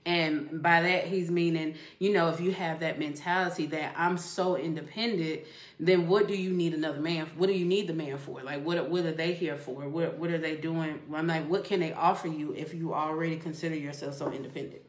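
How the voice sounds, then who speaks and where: Laid-back woman host, low voice, echoey room. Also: fairly quick. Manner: relaxed, laughs often, reads comments aloud. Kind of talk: casual chat on a live stream.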